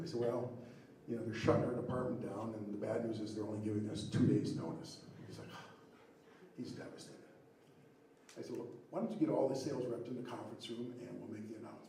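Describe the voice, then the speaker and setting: A middle-aged man telling a comic story of his own at a live storytelling show, animated and laughing at his own prank. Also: mid-range voice, fairly quick, heavy reverb, recorded from a distance, a little hiss or hum, poor audio.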